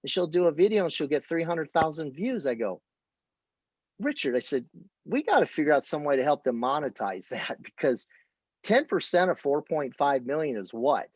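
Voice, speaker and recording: Here a man with a slightly high, husky voice and lively intonation moves at a brisk clip. He's giving casual training on how to pitch a business opportunity, spinning stories and quoting conversations as he acts them out. The recording has no room sound, and the highs are cut off.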